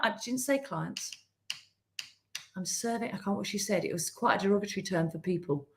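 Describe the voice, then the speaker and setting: Middle-aged woman on a live business talk, really lively pitch, acts out everyone in her story. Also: moderate pace. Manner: animated storytelling with quoted voices. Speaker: business coach.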